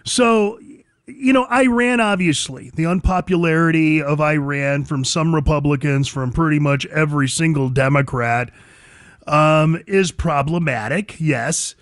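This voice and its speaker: A man's voice: fairly high pitch, unhurried, dry recording. A man hosting a call-in radio show, talking emphatically and combatively and addressing listeners directly from a studio mic. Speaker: radio talk show host. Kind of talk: call-in talk radio monologue.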